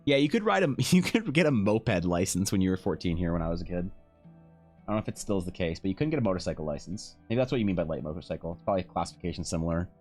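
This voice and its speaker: Low-voiced man rambling on stream. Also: lively intonation, very fast, a little mellow, faint music behind. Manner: rambling storyteller, swears casually, laughs often. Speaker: art streamer. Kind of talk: casual chat while drawing on stream.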